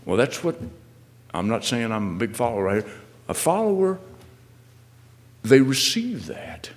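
Male minister, sermon delivery, animated pitch, mid-low voice, loud-to-quiet swings. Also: unhurried, in a large hall. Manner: swings from loud pressing questions to quiet asides, repeats words.

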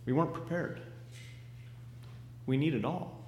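A man voicing a gentle, grave old male doctor who speaks quietly and somberly in a sermon story. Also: fairly high pitch, unhurried, dull audio, slight background noise, lightly acted. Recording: echoey hall reverb.

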